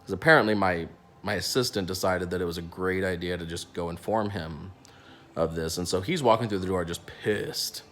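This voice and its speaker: Lively man telling a story. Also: deep voice, normal speed, a little hiss or hum. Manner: animated, acts out quotes, many restarts and fillers. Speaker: dentist. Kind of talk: casual storytelling.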